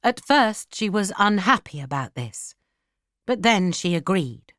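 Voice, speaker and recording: A woman narrating a classic novel as an audiobook, in slow, expressive storytelling. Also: mid-range voice, dry recording, clean studio sound.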